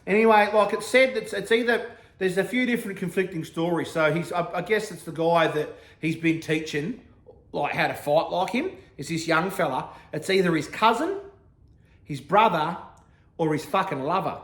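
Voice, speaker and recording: Aussie man, crude comic storyteller, high voice, constant swearing, echoey room. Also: moderate pace, fairly bright tone. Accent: Australian. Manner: sweary slang, keeps checking in with "right?".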